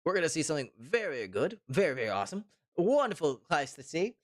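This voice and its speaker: A man's voice: a little high, sing-song, quick pace, no echo, studio quality. A man in his twenties from Canada, chatting casually on a live stream, rambling and repeating himself while reading chat. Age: 20s.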